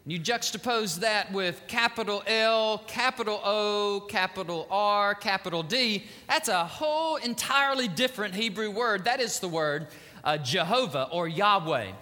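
A man's voice: sits high, unhurried, pushed and bright, big-room sound. A man preaching a sermon as pastor, with a fervent and urgent delivery.

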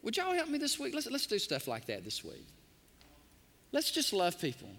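Speaking at a normal speed in a very high voice, a man delivers a storytelling sermon as a pastor. He is animated and performs the voices of the characters in his stories. The recording was made in a large hall.

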